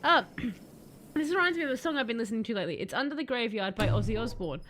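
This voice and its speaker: Bright-voiced playful female game streamer. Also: fairly high pitch, fast talker. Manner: playful, chatty, bursts into excited shouting. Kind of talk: live game commentary. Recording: faint background noise.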